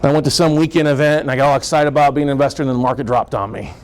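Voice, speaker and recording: A man's voice: medium pitch, fairly even intonation, very fast, voice pushed down, close to an everyday voice. A man voicing a weary, sheepish homeowner stuck in debt, talking in a resigned mumble.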